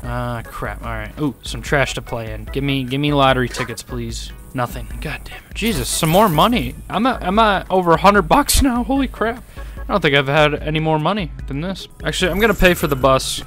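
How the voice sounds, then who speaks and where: A young man narrating his own gameplay in a loose, sarcastic way, cracking jokes and cursing freely. His voice sits at an ordinary pitch with a bright, forceful edge. Game music plays faintly behind him. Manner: sarcastic, joking, swears freely. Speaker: gaming YouTuber. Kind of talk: casual let's-play commentary.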